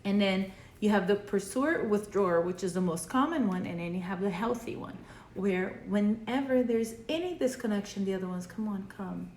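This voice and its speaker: A woman's voice: medium pitch, normal speed, a little mellow. Woman therapist teaching in echoey room. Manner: conversational, often checks in with "right?". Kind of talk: casual video lesson. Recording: echoey room, faint background hum.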